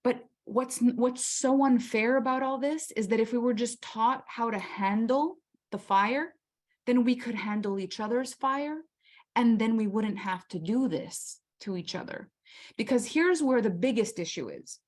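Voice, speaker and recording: A woman's voice: a little high, a little slow. Impassioned woman leading a masterclass. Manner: impassioned, rhetorical questions, acts out inner voices. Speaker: masterclass host. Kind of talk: motivational workshop talk.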